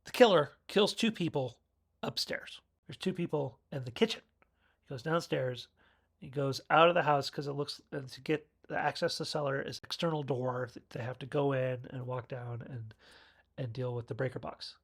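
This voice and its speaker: A man's voice: medium pitch, moderate pace, vocal fry, breathy edge. A man giving a casual film review, rambling, correcting himself and chuckling as he goes. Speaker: movie reviewer.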